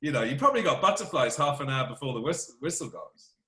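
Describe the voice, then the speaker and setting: Animated self-deprecating male storyteller. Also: medium pitch, quick pace, reverberant. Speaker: film composer, interview guest. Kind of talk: casual interview conversation.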